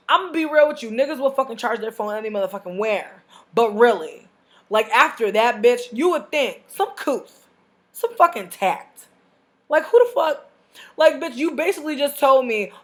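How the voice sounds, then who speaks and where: Loud, profane woman ranting to camera. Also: on the high side, normal speed. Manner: loud, profane, animated venting with acted-out dialogue. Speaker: vlogger. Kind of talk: storytime rant to camera.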